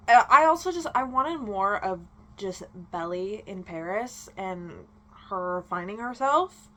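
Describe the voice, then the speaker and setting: A young woman vlogger ranting in casual chat, animated and swearing freely. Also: on the high side, slow.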